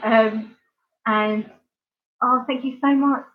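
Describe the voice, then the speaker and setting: A woman's voice, a little high and steady, takes its time over narrow, tinny audio. She hosts an art channel, comes from near London in England with a southern English accent, and rambles casually to live stream viewers with lots of ums and giggles.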